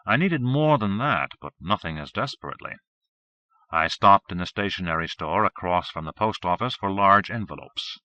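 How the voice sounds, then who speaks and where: A man narrating a first-person novel as an audiobook, with steady, measured reading. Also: low voice, no echo. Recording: dull 1980s cassette recording.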